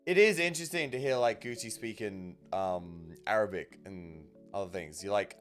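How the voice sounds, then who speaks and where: A chatty Australian man with a lowish voice hosts a live stream, reacting to viewer comments with quick swings in loudness. Soft music plays faintly underneath him. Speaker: stream host. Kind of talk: casual chat on a live stream.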